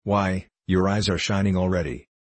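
A man's voice: low voice, level tone, moderate pace, no room sound. A man reading the part of a cruel, mocking fat king in an audiobook, with a blustering, commanding manner.

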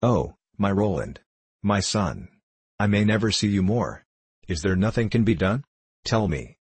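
A man's voice: lowish voice, expressive, a little slow, darkish tone, husky, dry recording. A man voicing an anxious, grieving mother who pleads with repeated cries. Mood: anguished.

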